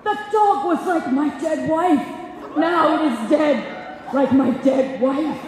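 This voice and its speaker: A woman's voice: high voice, slow, a little mellow. A woman reading a retired hitman in a comic live script reading. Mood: mock grief. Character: deadpan tough retired hitman, male. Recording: echoey hall, audience behind.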